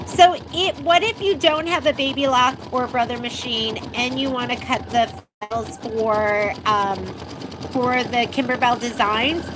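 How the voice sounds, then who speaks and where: A high-voiced woman runs a casual live sewing demo from her shop. She talks in a loose, chatty way, answering viewer questions and often laughing. A sewing machine hums through clear background noise. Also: fairly even intonation, measured pace. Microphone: handheld phone while filming.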